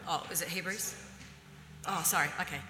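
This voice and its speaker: A woman reading a Bible passage aloud in a measured, clear way during a church service. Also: lowish voice. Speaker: scripture reader. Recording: echoey church with faint noise.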